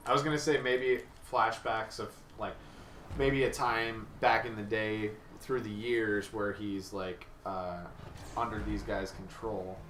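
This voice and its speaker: A young man hosting a casual podcast chat, enthusiastic and rambling, quick to laugh. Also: lowish voice, little pitch movement, a bit bright. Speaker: podcast host. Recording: echoey room mic from a distance with faint noise.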